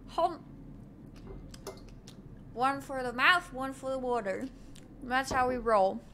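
A woman's voice: high voice, expressive, slow pace, bright, forceful tone, a little hiss or hum. A woman streaming a game live, chatting playfully with her viewers and laughing often at her own jokes. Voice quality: giggly, playful, self-mocking. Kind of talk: live gameplay commentary.

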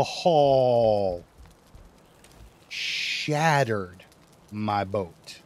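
A man streaming a game live, commenting casually as he plays and grumbling and swearing when things go wrong. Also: medium pitch.

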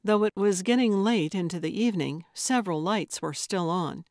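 A woman narrating a cozy mystery audiobook in a measured, unhurried reading. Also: lowish voice, darkish tone, dry recording, clean studio sound. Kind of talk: scripted narration.

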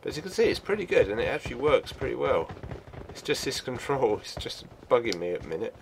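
An older man hosting his own gaming channel, giving casual commentary while he plays at his home computer, chatty and quick to laugh. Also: medium pitch, very animated, gravelly, a little hiss or hum. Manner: chatty and laughs easily, gets loud and sweary in action.

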